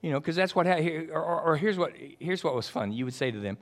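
A man from Texas with a Texan accent preaching a sermon as pastor, swinging between loud fervent passages and quiet asides. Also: fairly high pitch, lively intonation, quick pace.

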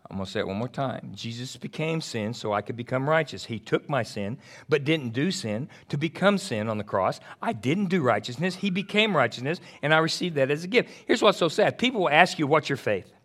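A Texas pastor with a Texan accent delivers a sermon, alternating between loud, fervent stretches and quiet asides. His voice sits at medium pitch with lively intonation, and he keeps a moderate pace.

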